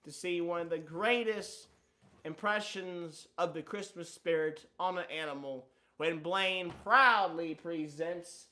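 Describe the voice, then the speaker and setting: A man's voice: on the high side, slow, sharp tone. A man hosting a casual livestream chat, telling stories in a playful, joking way. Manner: playful, jokey storytelling. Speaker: livestream host.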